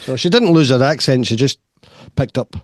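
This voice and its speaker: A man's voice: medium pitch, normal speed, no echo, studio quality. A middle-aged man with a west of Scotland accent, a guest chatting casually on a podcast, agreeable and full of short affirmations. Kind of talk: casual chat.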